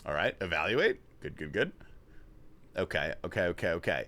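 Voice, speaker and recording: A man's voice: low-pitched, lively intonation, normal speed, bright, forceful tone. A man thinking aloud on a casual livestream while solving a word puzzle, swearing when frustrated.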